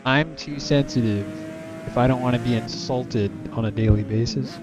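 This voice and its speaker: A man's voice: mid-range voice, normal speed. A young man telling a rambling, exasperated personal story as a vlogger. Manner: exasperated, rambling, many fillers. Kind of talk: casual storytelling rant. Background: music.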